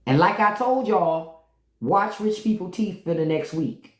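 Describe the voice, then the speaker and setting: A livestream host with a medium-pitched, lively voice chats unhurriedly with viewers, telling loose, profane stories. They laugh a lot and often hum in disapproval, and the sound is reverberant.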